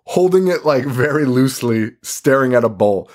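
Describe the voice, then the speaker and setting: A mid-range, slightly mellow male voice with lively intonation moves at normal speed. As co-host of a podcast, he chats casually through a movie recap, rambling, profane, laughing, and quoting lines in mockery.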